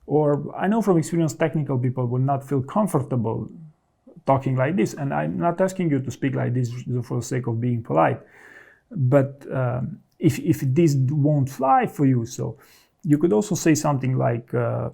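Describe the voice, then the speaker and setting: A man's voice: mid-range voice, animated, normal speed, gravelly, dark tone, breathy edge. A man working as a career coach, talking straight to the viewer and giving direct, instructive advice. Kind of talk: advice talk to camera.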